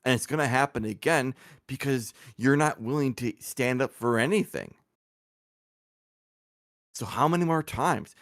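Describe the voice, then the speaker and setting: A man's voice: mid-range voice, unhurried, long pauses, fairly bright tone, no echo, studio quality. A man on a live stream, scolding and lecturing someone with repeated pointed questions. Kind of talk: casual live-stream commentary.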